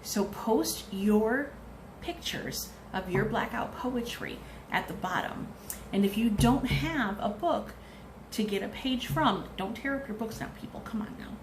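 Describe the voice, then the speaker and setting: Librarian, woman, cheerful sing-song craft tutorial, very animated pitch, faint room ambience. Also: a little slow, noisy background. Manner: cheerful, sing-song, talks to viewers like a kids' host. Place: home kitchen table.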